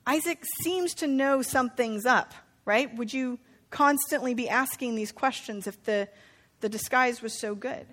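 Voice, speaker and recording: A woman's voice: on the high side, measured pace, a bit bright. A woman teaching a casual Bible study, chatty and playful, often turning to her listeners with questions.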